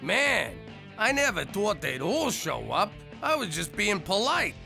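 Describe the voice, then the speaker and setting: An actor playing a bumbling, self-pitying mob boss in a cartoon, sheepish and rambling. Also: male voice, high voice, big pitch swings, vocal fry, music in the background, exaggerated voice. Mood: baffled. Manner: sheepish, rambling, quick to apologize. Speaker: exiled mobster lead. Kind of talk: cartoon voice acting.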